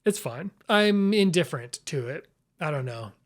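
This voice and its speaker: Playful man ranking flags out loud. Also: fairly high pitch, animated, moderate pace. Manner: playful, exclamatory, chuckles often. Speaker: YouTube host. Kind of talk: casual commentary ranking flags.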